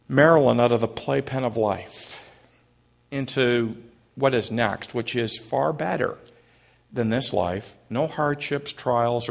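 Gravelly-voiced middle-aged pastor. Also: male voice, mid-range voice. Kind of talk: sermon.

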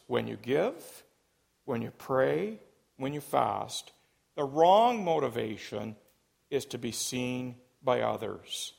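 A man's voice: medium pitch, big pitch swings, slow pace, creaky. A man preaching a sermon as pastor, emphatic and leading his congregation in call and response. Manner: emphatic, rising to loud peaks.

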